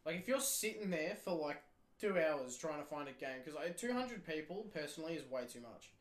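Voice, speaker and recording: A man's voice: a little high, expressive, fairly quick. A man co-hosting a casual gaming podcast, hedging with many fillers and swearing. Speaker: podcast co-host. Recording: roomy sound with faint noise.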